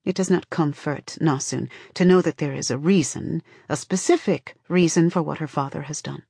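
Audiobook narrator: woman, low and husky, measured storytelling, dry studio sound. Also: warm tone, dry recording. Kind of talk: scripted narration.

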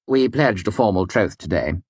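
A man's voice: fairly low pitch, expressive, normal speed, husky, no echo. A man voicing a curt, weary noble mayor. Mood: curt, exasperated. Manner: curt, brusque, exasperated. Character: weary, irritable middle-aged male mayor nobleman. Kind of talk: audiobook character voice.

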